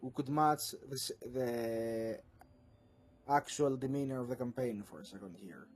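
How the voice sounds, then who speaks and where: A man's voice: mid-range voice, unhurried. A man serving as game master, narrating a tabletop game with an earnest tone and steering the players back on track.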